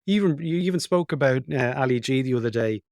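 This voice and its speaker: A man hosts an interview and thinks aloud as he asks his questions, his voice at an ordinary middle pitch for a man. The recording is dry and close, with no room sound around him. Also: expressive, quick pace, darkish tone, no echo. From Ireland. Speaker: podcast host. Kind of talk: conversational interview. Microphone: remote call mic.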